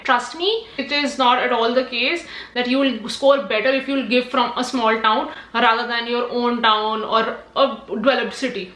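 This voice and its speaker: Bright, chatty young woman vlogger. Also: fairly high pitch, roomy sound. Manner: chatty, emphatic, lots of "like" and "trust me". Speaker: IELTS tips vlogger. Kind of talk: casual talking-to-camera advice.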